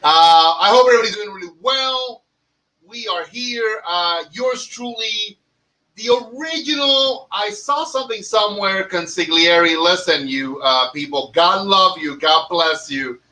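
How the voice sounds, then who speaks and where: A man's voice: high-pitched, animated, measured pace, bright, forceful tone. A man hosting a podcast, cracking profane jokes and ribbing his co-hosts in casual banter. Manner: brash, profane, joking banter. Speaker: podcast host. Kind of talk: casual comedic chat. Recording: voice a bit distant from the mic.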